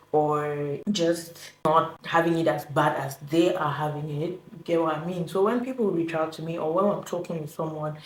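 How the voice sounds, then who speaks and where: A woman's voice: low-pitched, a little mellow. A young woman, a content creator, chatting casually on her vlog and often asking "you get what I mean?". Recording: echoey room, faint background noise.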